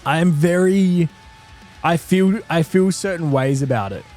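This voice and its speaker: A man's voice: a little high, measured pace, darkish tone. Give me an Australian man streaming a casual music reaction, thinking aloud in an earnest, rambling way with lots of restarts. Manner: rambling, self-interrupting, earnest.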